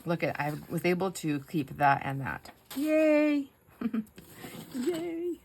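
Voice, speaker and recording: A woman's voice: sits low, normal speed, noisy background. A middle-aged woman chatting casually while she crafts, telling stories with frequent laughter and asides to her viewers. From United States. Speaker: craft vlogger.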